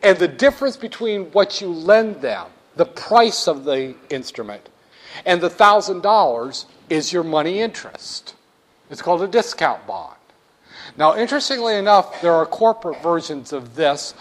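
A man's voice: sits high, big pitch swings, moderate pace. Wry, joking male finance lecturer. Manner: wry and joking, plays scenes out. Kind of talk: classroom lecture.

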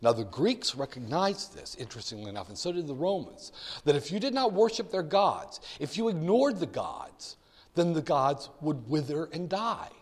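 A man lectures a class in a lively, joking way, spinning everyday stories to explain an idea. His voice sits a little high for a man. The sound rings with the long reverb of a big lecture hall. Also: normal speed. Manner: animated, joking storyteller.

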